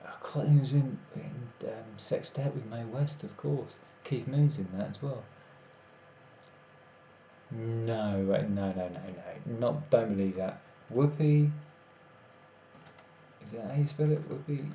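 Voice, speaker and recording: Tired guy rambling to his stream chat, mellow voice, echoey dull lo-fi room. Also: mid-range voice, a little slow. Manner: rambling, self-interrupting, chats with viewers. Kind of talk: casual live-stream chat. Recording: echoey room, dull lo-fi sound, faint noise.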